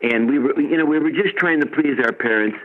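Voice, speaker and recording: A man in his seventies from Chicago, a musician guest telling stories in a playful, animated way over the phone. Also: on the high side, a little fast. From Chicago, USA. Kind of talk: phone interview. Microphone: telephone. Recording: tinny phone line.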